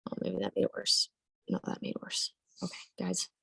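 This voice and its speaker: A woman's voice: on the low side, completely flat delivery, a little fast, vocal fry, bright, forceful tone, husky, dry recording. A young woman teaching a Latin lesson, translating line by line and thinking aloud with frequent ums and self-corrections.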